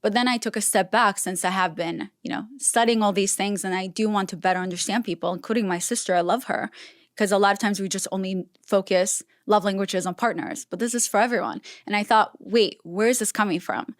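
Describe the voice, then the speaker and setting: A woman's voice: medium pitch, a little fast, no room sound, clean studio sound. A young adult woman, a podcast guest, telling personal stories in casual chat and acting out the dialogue. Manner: storytelling, acting out quoted dialogue.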